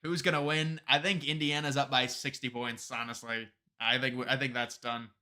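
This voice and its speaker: A man hosts a casual live stream, his voice very bright and forceful at an even, middling pitch. He rambles and restarts, dropping sarcastic asides. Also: moderate pace. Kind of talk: casual political commentary stream.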